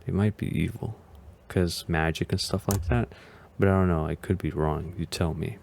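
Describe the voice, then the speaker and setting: A man's voice: low voice, moderate pace, gravelly, darkish tone, slight background noise. A man hosting a casual video reaction as a vtuber, talking in a hesitant, rambling way and often sounding unsure.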